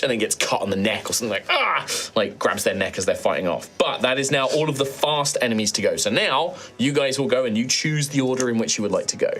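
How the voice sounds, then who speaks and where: A man running a tabletop game as its game master. He explains the rules in a loose, chatty way, full of ums and uhs. His voice sits in a middle pitch. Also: fast, few pauses. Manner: relaxed, chatty, lots of fillers.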